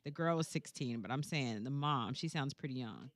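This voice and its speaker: A woman's voice: rumbling low, moderate pace, dry recording. A young woman co-hosting a talk show, chatting casually in slangy, colloquial speech and telling stories with voiced quotes. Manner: animated, laughing, storytelling with voiced quotes. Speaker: radio co-host. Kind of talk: casual chat.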